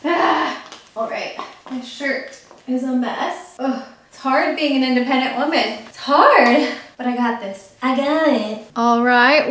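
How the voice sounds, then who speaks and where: A young woman vlogging casually at home, chatty and self-narrating, at times bursting into high excited squeals. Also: normal speed. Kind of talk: casual vlog chat. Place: home living room with Christmas tree.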